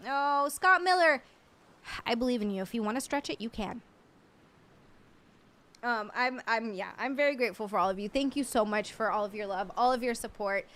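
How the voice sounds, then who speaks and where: A woman's voice: on the high side, normal speed, pauses often, a bit bright. A young woman hosting a live stream, chatting giddily and effusively thanking her viewers. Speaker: livestream host. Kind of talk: casual live stream chat.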